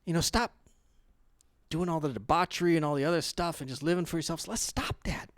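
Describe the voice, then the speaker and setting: In church, a young adult male pastor preaches a conversational, story-driven sermon, laughing often and getting loud and animated as his stories build. His voice runs on the high side and he talks quickly. The sound is studio quality with no room echo.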